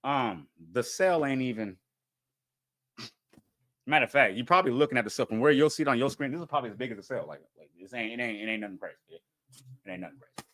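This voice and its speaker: A man tells a story in a loose, animated way, his pitch leaping up and down as he acts out what was said. He laughs often between lines. The recording is dry and close, with no room sound. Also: fast talker, pauses often, dry recording. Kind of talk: casual story time.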